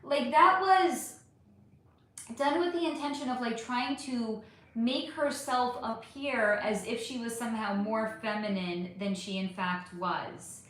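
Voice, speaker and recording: A chatty woman hosting a livestream, talking through viewer comments with lots of fillers and restarts. Her voice sits a bit high, and the room around her is very echoey. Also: measured pace, fairly bright tone, a little hiss or hum. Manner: chatty, rambling, frequent fillers. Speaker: livestream host. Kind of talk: casual livestream chat answering viewer comments.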